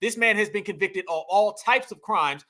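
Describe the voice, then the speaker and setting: A man's voice: sits high, moderate pace, pushed and bright. A man hosting a reaction commentary, talking emphatically and calling his viewers family. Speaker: commentary host.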